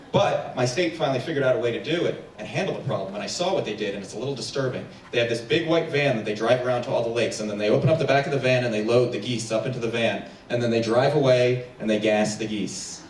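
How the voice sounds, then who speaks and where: A man from New Jersey doing a stand-up comedy set with quick crowd work on a theater stage. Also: medium pitch. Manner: quick crowd work, animated voices for pets. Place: theater stage before a packed house. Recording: echoey stage sound from far off, audience noise.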